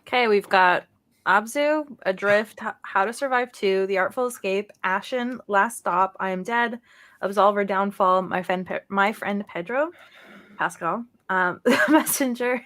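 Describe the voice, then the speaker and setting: A woman's voice: medium pitch, measured pace, fairly bright tone. A woman co-hosting a casual gaming podcast, chatty and laughing often as she searches for names. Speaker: podcast co-host. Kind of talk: casual chat.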